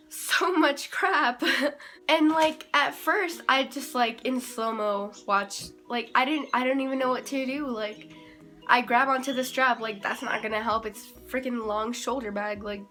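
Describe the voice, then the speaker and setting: Animated young woman telling a story. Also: a little high. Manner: rambling, animated, self-mocking storytelling. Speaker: vlogger. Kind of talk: casual storytime.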